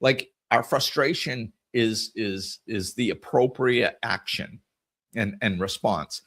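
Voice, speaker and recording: This podcast host, a middle-aged man, speaks slowly in a lowish, slightly bright voice. His monologue on scripture and the inner life is earnest and reflective, and he often goes back to repeat or fix his words.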